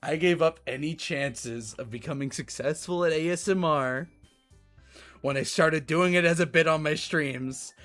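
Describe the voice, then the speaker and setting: Woman, streamer, casual chat, swearing, laughing, loud outbursts, soft music in the background. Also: sits low, a little slow.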